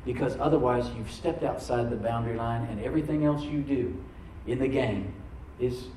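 A man preaching a sermon to his congregation, easygoing and conversational, with a warm, mellow tone. He stands some way off the microphone, so his voice comes across roomy and echoey. A faint hum of room ambience sits underneath. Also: mid-range voice, moderate pace. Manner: conversational preaching with frequent "Amen?" prompts. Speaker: pastor. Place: church room before a congregation. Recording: echoey room, mic at a distance.

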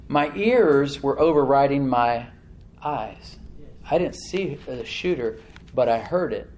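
A man preaching a sermon in a homespun storytelling voice, with mid-range pitch. He drops to quiet asides and then rises into loud, emphatic declarations, repeating his key phrases. A faint noise sits under the recording. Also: poor audio.

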